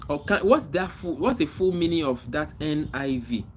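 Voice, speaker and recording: A man's voice: a little high, background noise. Man hosting a casual livestream. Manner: reads out viewer comments and greets them by name; animated greetings, then slower reflective talk. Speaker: livestream host.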